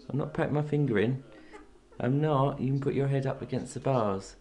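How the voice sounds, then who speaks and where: A woman filming her parrot at home, cooing to it in a sing-song baby-talk voice that jumps high, then chatting plainly to the camera. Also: normal speed, warm tone. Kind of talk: casual home video chat. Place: at home beside a bird cage.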